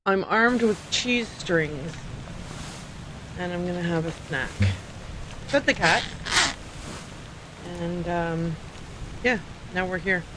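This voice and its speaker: A woman's voice: fairly low pitch, slow, pauses often, noisy background. Woman streamer thinking aloud over a game. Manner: thinking aloud, puzzling things out, chatty. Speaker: streamer playing a video game. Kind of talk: casual game commentary.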